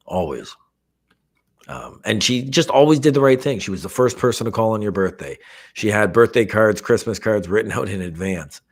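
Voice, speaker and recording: A man with a very deep voice speaks as a guest on a casual live-streamed chat. He talks in a reflective, halting way, pausing as he gathers his thoughts. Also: expressive.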